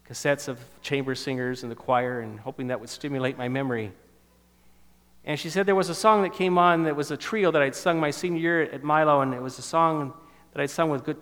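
Man in his fifties, echoing hall. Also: mid-range voice. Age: 50s. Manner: emotional, storytelling, drops to soft tones at tender moments. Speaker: speaker giving a testimony. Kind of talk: sermon-style personal testimony.

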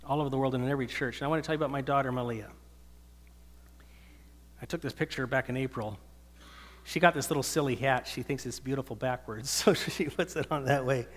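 A man's voice: medium pitch, fast talker. A male pastor giving an earnest sermon that swells into emphatic preaching, in a church hall with long reverb.

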